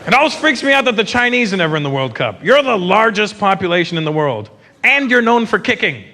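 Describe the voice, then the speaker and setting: A man doing live stand-up comedy on stage, teasing the audience in an animated way. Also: high-pitched, fast talker, noisy background. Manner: animated, teasing crowd work.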